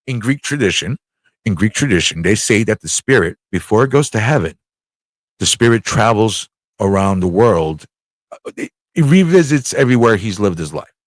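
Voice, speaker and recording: A fairly low-voiced man hosting a live chat show, rambling and swearing as he talks. He repeats words and restarts his sentences, and the sound is dry and close. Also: big pitch swings, normal speed, no room sound. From United States. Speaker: show host.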